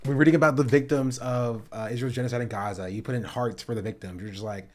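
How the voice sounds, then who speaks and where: A man's voice: medium pitch, fairly even intonation, fast, hardly any pauses, a little mellow. A young man hosting a livestream, reacting to clips in a casual, sarcastic way and laughing often. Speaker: livestream host. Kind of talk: casual stream commentary.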